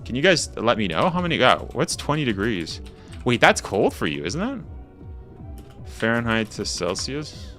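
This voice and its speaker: A man's voice: medium pitch, very animated, normal speed, fairly bright tone, faint music behind. A young man from Canada chatting casually with his live-stream audience, slangy and rambling as he reads the chat. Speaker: game streamer.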